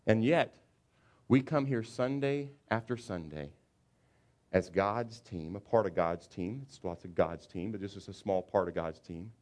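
A pastor delivers his sermon in a fairly low male voice. He tells a story with lively, acted-out asides and speaks to his congregation in plain, conversational words. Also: measured pace. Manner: animated storytelling, acts out football players.

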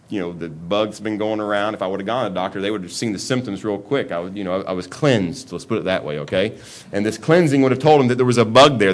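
A man in middle age delivers a sermon with a somewhat low voice. He talks to the congregation casually, restarting phrases and repeating words as he works through his points. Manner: conversational preaching with frequent repeated restarts. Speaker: pastor.

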